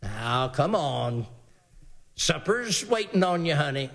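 A man's voice: fairly high pitch, big pitch swings, slow pace, vocal fry, a bit bright, voice pushed down, full character voice. A man voicing a sweet-talking scheming queen who coaxes her sulking husband. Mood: soothing.

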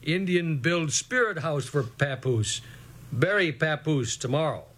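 A man voicing a grieving father who speaks slowly and haltingly in a sorrowful, heavy way. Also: a little high, animated, fairly bright tone. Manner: slow, broken, heavy phrasing.

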